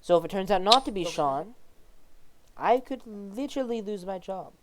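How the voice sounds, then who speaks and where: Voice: medium pitch, animated, moderate pace, background noise, close to an everyday voice. A wary woman judge, as a game master voices her. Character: wary female judge and spellcaster.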